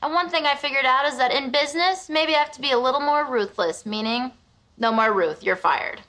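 Snarky young waitress, high bright voice, dry put-downs, sitcom delivery. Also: female voice, a little fast. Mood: sarcastic. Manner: sarcastic, deadpan put-downs. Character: sardonic young female waitress and business partner. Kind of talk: sitcom acting.

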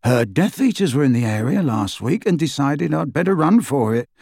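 A reader voicing a mellow-voiced, middle-aged wizard father who talks in a friendly, chatty way. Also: mid-range voice, expressive, moderate pace, gravelly, dry recording, studio quality. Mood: easygoing. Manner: easygoing, chatty. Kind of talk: audiobook character voice.

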